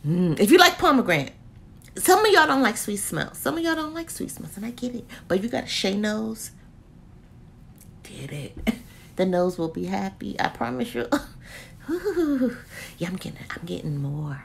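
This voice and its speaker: A woman's voice: on the high side, moderate pace, creaky, pauses often, a little hiss or hum. A woman reviewing a candle in a casual, slangy vlog full of laughs. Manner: animated, slangy, laughs often.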